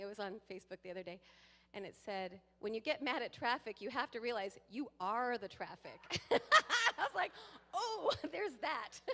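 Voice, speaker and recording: A woman giving a sermon to a congregation, lively and playful, with laughing asides to the people in the pews. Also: fairly high pitch. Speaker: guest speaker. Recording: long hall reverb.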